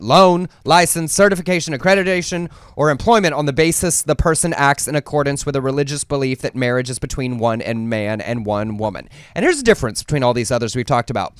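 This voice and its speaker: A man's voice: a little high, clean tone, no room sound, studio quality. A man co-hosting a casual news chat show, reading out stories with sarcastic asides. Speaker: talk show co-host.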